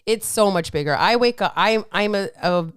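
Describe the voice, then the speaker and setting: A woman hosts a casual podcast chat, speaking candidly and swearing freely as she acts out her inner voices. Her voice is smooth and clear. The sound is dry and close. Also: medium pitch, lively intonation, normal speed, no echo. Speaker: podcast host.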